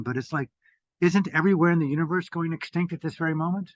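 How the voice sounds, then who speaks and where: Older male teacher, fervent and profane, slightly high voice, dry dull lo-fi audio. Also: quick pace, no room sound. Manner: intense, profane, swings from loud to hushed. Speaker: meditation teacher. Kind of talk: impassioned talk.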